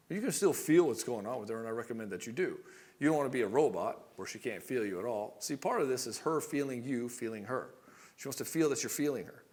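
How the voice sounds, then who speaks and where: A blunt, middle-aged male relationship coach talks straight to the listener in a casual monologue, swearing freely and slipping into the voices of quoted arguments. His pitch sits in the ordinary male middle.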